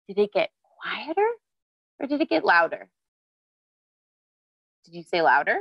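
A woman's voice: medium pitch, very animated, a little slow, pauses often, dry recording, highs cut off. Cheerful woman teaching kids yoga. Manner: cheerful, encouraging, asks children questions. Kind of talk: guiding a children's yoga class.

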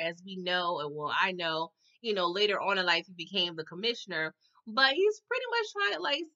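Sassy, bright-voiced woman recapping a show. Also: fairly high pitch, muffled recording. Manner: sassy, animated, addresses viewers as y'all. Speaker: TV recap host. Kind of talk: casual recap chat.

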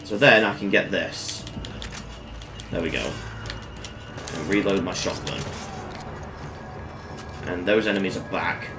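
A man's voice: low voice, takes it slowly, pauses often, over music. A man giving casual let's-play commentary, chatty and swearing, with lots of fillers and laughing at his own jokes. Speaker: gamer.

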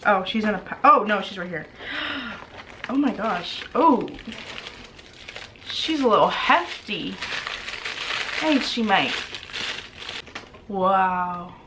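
A woman's voice: medium pitch, lively intonation, takes it slowly, long pauses, bright, forceful tone, a little hiss or hum. A young woman vlogging casually at home, chatty and self-amused as she sets up and tests a new microphone. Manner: chatty, self-amused, talks to her mic setup. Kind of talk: casual vlog chat. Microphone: new condenser microphone.

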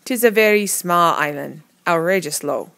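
Lady reading as gruff old caribbean sailor man, protective, big dialect voice, storybook reading, dry close sound. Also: normal speed, no echo. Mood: gentle. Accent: put-on Caribbean English. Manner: dialect speech, booming when angry, soft when calm.

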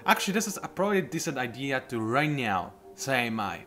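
A man's voice: medium pitch, big pitch swings, a little fast, sharp tone, faint music behind. A man, chatting casually and rambling off topic while commenting on a game he plays at home. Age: 20s. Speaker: let's play host. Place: home room.

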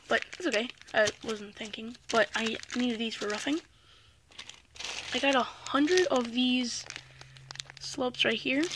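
A woman chatting excitedly through an unboxing vlog, with lots of fillers like "um" and "like.". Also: fairly high pitch, background noise. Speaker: vlogger.

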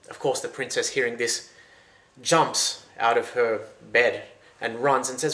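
A man tells a folktale aloud, lively and loose, circling back on his words as he goes. His mid-pitched voice sits in a roomy space with a clear echo. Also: a little slow. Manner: lively, loose and conversational with restarts. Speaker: storyteller. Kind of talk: oral folktale retelling.

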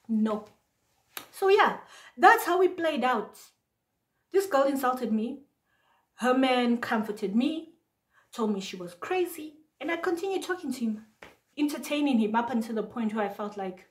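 Young female vlogger from Zimbabwe, higher voice, animated storyteller who plays all the parts, recorded in a roomy, echoey space. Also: moderate pace. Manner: animated, acts out both sides of a phone argument. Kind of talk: casual storytime to camera.

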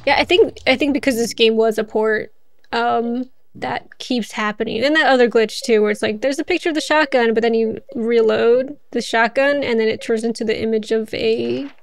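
A woman's voice: on the high side, fairly even intonation, moderate pace, gravelly, no echo. A young woman streaming a horror game, chatting casually, laughing often and talking back to the game. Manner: chatty, giggly, talks to the game. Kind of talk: casual gameplay commentary.

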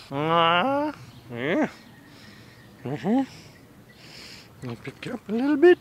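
A man's voice: high voice, wildly swooping pitch, takes it slowly, pauses often, a little hiss or hum. A man filming his dogs and coaxing them in sing-song baby talk.

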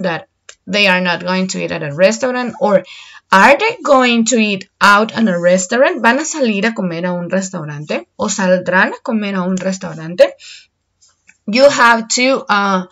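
A woman's voice: on the high side, a bit bright. Patient bilingual woman teaching English. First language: Spanish. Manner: patient, explains slowly and repeats in Spanish. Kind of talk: bilingual online English lesson.

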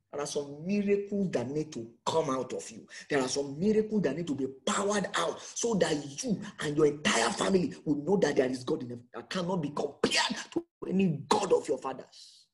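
A man's voice: fairly high pitch, animated, fairly quick, hardly any pauses. A man with a Nigerian accent preaching an emphatic sermon as pastor, full of rhetorical questions.

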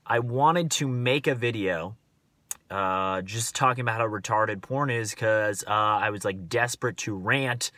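A man's voice: on the low side, measured pace, pushed and bright, no echo. A young man rambling bluntly to his viewers in a casual, profane rant, full of fillers and restarts. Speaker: vlogger.

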